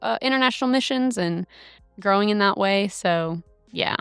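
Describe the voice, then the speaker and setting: A woman's voice: medium pitch, normal speed, clear, resonant tone, no echo, soft background music. A woman co-hosting a faith podcast in casual chat, talking with many fillers. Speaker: podcast co-host.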